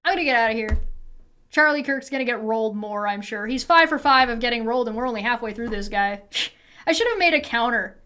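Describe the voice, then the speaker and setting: A woman's voice: fairly high pitch, expressive, a little fast, sharp tone, slight background noise. A woman streamer giving a heated, profanity-heavy reaction rant. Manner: swears constantly, heated and ranting. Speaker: streamer reacting to a debate video.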